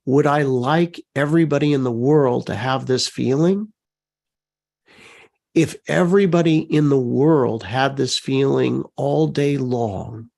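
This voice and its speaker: Slow, gravelly man guiding a session. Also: medium pitch. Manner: gentle, coaxing, repeats prompts; reads out chat comments warmly. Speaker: session facilitator. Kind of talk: guided live online session.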